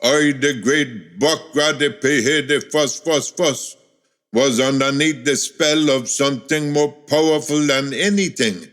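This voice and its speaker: A man's voice: medium pitch, a little slow, fairly bright tone. A man telling a folksy tale in a rhythmic spoken-word style. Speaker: storyteller.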